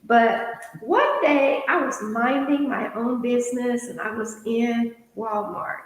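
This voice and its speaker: A middle-aged woman co-hosting a casual chat, telling a story in an animated way and laughing often. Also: fairly high pitch, takes it slowly. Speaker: podcast co-host. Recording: very echoey room with long reverb.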